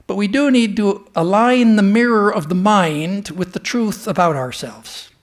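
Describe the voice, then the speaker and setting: A man speaking as a swami in a temple, giving a spiritual talk with an animated storytelling manner that often drops to a hush. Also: sits high, unhurried. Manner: storytelling, animated, dropping to hushed tones. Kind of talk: sermon with storytelling.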